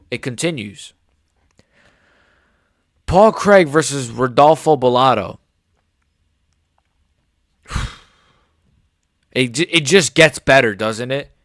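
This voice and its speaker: A man's voice: medium pitch, expressive, very slow, pauses often, fairly bright tone, no echo, studio quality. A man in his forties giving a heated, sarcastic reaction rant full of swearing. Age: 40s. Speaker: MMA commentator.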